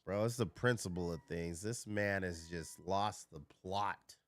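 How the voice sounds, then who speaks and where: A man's voice: low voice, measured pace, no echo. A man chatting casually on a live stream, rambling through stories, swearing freely and answering his chat.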